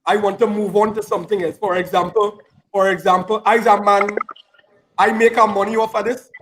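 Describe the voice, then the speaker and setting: A male interviewer asking a long question, halting and repeating phrases. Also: high-pitched, flat delivery, fairly bright tone, a little hiss or hum, poor audio.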